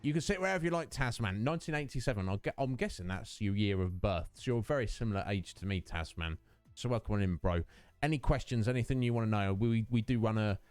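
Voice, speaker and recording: A man's voice: fairly low pitch, darkish tone, smooth, no room sound. A British man in his thirties, a full-time streamer chatting casually and laughing with his viewers. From United Kingdom.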